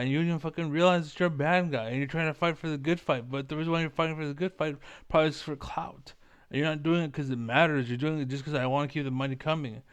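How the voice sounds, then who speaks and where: With no room sound in the recording, a man rants about politics in a swear-laden, meandering monologue. He keeps losing track of his point and mocks people with squeaky voices.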